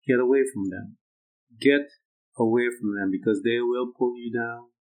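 A male preacher delivers an emphatic sermon, hammering his points through repetition and shifting between loud exhortation and quiet, low passages. The recording quality is poor.

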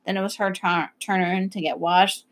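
A young woman casually telling a story about her work, animated, acting out other people's voices and swearing freely. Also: mid-range voice, moderate pace.

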